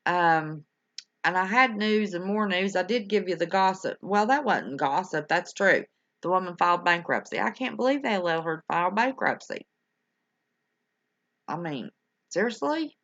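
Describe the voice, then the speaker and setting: This older female livestream host talks casually and affectionately with her live audience, folksy and full of honey and y'all. She speaks at a fairly low pitch with an animated delivery, a normal speed and a fairly bright tone, captured in dull lo-fi home stream sound.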